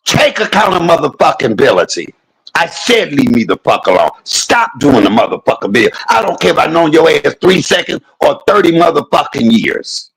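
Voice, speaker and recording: Gravelly, husky man ranting angrily. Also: on the high side, very animated, brisk, a bit bright, no room sound, poor audio. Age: 50s. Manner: heated, cursing, repeats points for emphasis. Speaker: vlogger. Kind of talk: angry profane rant to camera.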